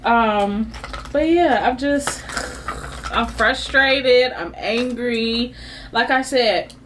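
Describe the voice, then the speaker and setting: A woman in her thirties venting in a candid casual chat, swinging between low subdued lines and high exasperated bursts, laughing through her frustration. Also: extremely slow, fairly bright tone, a little hiss or hum. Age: 30s. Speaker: vlogger.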